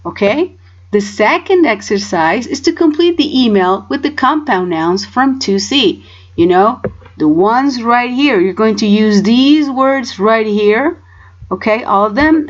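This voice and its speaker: A woman's voice: fairly high pitch, lo-fi sound. A woman teaching English in a recorded home lesson. She explains step by step and often checks in with "okay?".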